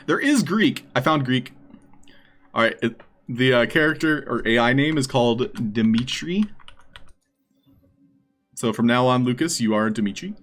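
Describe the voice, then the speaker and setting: Man, livestreamer, casual thinking-aloud chat, middle pitch. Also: moderate pace, long pauses, fairly bright tone, soft background music. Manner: rambling, thinking aloud while setting up text-to-speech. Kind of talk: casual live-stream chat.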